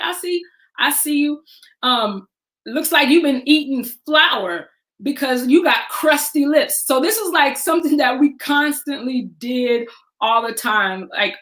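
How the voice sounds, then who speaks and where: A woman in her forties telling a personal story in a lively way, laughing and acting out the voices of the people she quotes. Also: a little high. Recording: echoey room.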